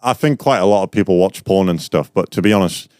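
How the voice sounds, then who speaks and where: Young guy on a podcast, lowish voice, rambling story full of ums, dry close sound. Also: fast, a little mellow, no room sound. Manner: rambling storyteller, many fillers and laughs. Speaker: podcast guest. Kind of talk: casual chat.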